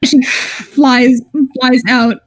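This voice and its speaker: A woman narrating a tabletop game as game master, in a descriptive, halting way with frequent restarts. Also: high voice, level tone.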